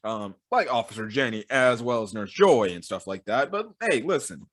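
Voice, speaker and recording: A man's voice: mid-range voice, lively intonation, moderate pace, fairly bright tone, no echo, clean studio sound. A man giving a casual, rambling film review, full of fillers and sarcastic asides.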